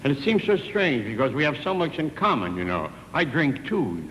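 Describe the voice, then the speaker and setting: An older comedian doing a vaudeville stand-up monologue, wisecracking through one side of a phone call. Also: male voice, mid-range voice, very animated, moderate pace, heavy background noise. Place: theater stage with live audience. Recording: echoey 1960s TV theater stage.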